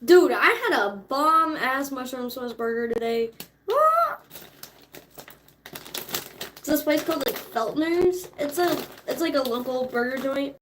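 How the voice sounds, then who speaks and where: A woman's voice: high-pitched, moderate pace, hardly any pauses, background noise. A woman in her twenties chatting casually with viewers, laid-back and slangy, laughing often. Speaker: streamer. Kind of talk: casual chat.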